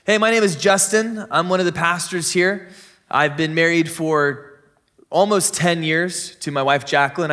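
A man in his thirties, a pastor, giving a conversational sermon in church with animated storytelling. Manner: conversational storytelling with animated swings in pitch and volume.

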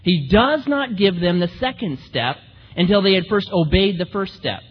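A man preaches a sermon animatedly, acting out the voices of the people he quotes. His voice is high-pitched and husky at a moderate pace, and the recording sounds muffled in a reverberant hall.

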